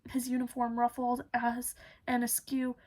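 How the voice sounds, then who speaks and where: A woman narrating a novel chapter as an audiobook, steady with occasional slips. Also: a little high, a little slow. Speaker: audiobook reader.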